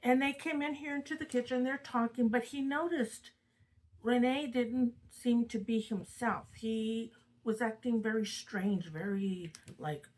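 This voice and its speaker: A woman's voice: a little high, measured pace, darkish tone, rough recording. An older woman casually retelling a spooky true story from her own family, chatty and dramatic. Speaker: storyteller host. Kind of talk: casual spoken ghost story.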